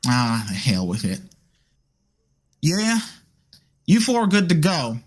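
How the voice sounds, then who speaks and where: A man voicing a gruff, no-nonsense woman sheriff in a tabletop game, blunt and drawling. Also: fairly high pitch, wildly swooping pitch, takes it slowly, exaggerated voice. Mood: grudging. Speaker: game master.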